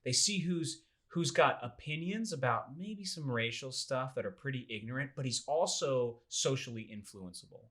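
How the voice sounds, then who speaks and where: A young man tells a story to friends on his podcast. His voice rises and falls constantly as he gets into it, jumping high whenever he acts out the people in the story. His pitch sits in the middle. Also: moderate pace, few pauses. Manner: animated, acts out quoted people with big pitch jumps. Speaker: podcast host. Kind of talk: casual conversational storytelling.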